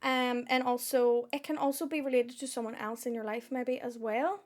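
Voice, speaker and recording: A woman's voice: on the high side, fairly even intonation, normal speed. A woman, chatting casually on a live stream while reading oracle cards, giggly and swearing, with a sore throat.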